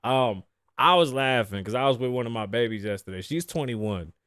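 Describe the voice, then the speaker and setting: A man's voice: medium pitch, animated, a little fast, fairly bright tone, clean tone, no echo. Man, thirties, podcast host, casual monologue, profane and joking, dry close sound. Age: 30s. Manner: profane, joking, laughs often, drops Spanish phrases. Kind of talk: casual solo talk-show monologue.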